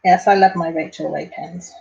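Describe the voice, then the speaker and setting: A woman's voice: lowish voice, steady tone, normal speed, vocal fry, darkish tone, highs cut off. A woman hosting a casual craft livestream, chatting and reading out viewer comments. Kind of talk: casual live chat while crafting.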